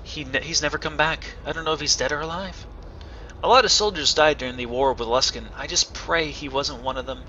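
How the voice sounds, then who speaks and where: Man doing a mournful old widow, soft and slow, bright tone, dull recording with faint hiss. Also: on the high side. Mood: sad. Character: worried old village widow, gentle and sad.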